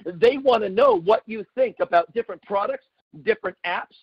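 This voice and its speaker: High-voiced emphatic sales pitch man. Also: very animated, normal speed, breathy edge, no echo. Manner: emphatic, repetitive, folksy asides. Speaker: network marketing presenter. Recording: dull lo-fi sound.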